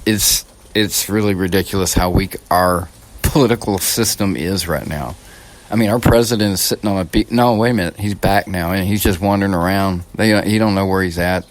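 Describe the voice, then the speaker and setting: A man hosting a podcast, talking through a casual political monologue in a blunt, profane way that rambles and restarts. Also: deep voice. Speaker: podcast host.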